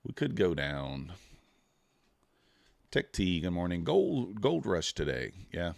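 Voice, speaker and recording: Tired, low-voiced man with a drawl. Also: big pitch swings, takes it slowly, vocal fry, no echo. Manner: laid-back, drawling, greets chat viewers. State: tired, yawning. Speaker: futures trader streaming live. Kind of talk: casual live-stream commentary.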